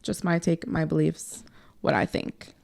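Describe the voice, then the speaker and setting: A woman's voice: low-pitched, fairly even intonation, unhurried, creaky, darkish tone. A woman co-hosting a podcast, talking in a blunt, laid-back way and swearing casually. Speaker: podcast co-host. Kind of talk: casual chat.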